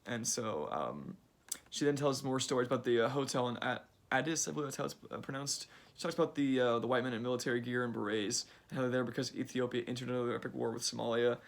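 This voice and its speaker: A man's voice: medium pitch, fast talker, vocal fry. A young man giving a casual summary of a book he read, chatty and full of fillers like "like" and "uh".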